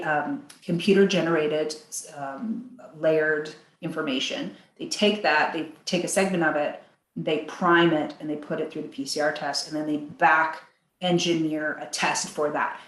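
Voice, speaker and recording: Animated woman in an echoey room. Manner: animated, acts out quotes in a higher voice; laughs between points. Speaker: guest. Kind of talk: podcast interview.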